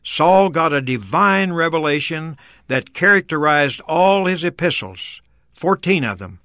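A man's voice: a little high, expressive, unhurried, sharp tone, no echo, clean studio sound. A man explaining a Bible passage in a discussion, earnestly repeating key phrases for emphasis. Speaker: Bible teacher guest.

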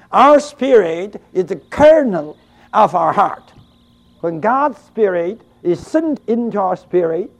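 An older man preaching a sermon with feeling, swinging between hushed, tender tones and loud, fervent cries. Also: high-pitched. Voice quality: gravelly. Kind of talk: emotional sermon.

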